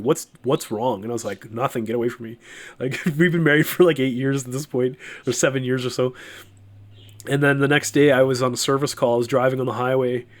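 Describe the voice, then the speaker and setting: A middle-aged man, a podcast guest, telling a personal faith testimony in an earnest, halting way, with many restarts and fillers. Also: mid-range voice.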